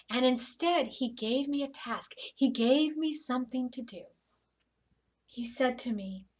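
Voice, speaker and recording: Woman as an awed woman disciple, slow emotional church monologue with faltering repeats and whispers, heard from off the mic. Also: sits high. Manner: emotional, stammering repeats, sinking to soft whispers. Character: Mary Magdalene, woman disciple, joyful witness. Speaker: dramatic monologue in a church service. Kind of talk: first-person sermon monologue. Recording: voice from some distance off the mic.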